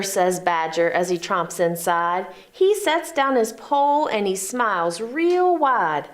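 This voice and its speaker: A woman volunteer reading a picture book aloud to children, expressive, and inviting them to join in. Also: fairly high pitch, takes it slowly, few pauses.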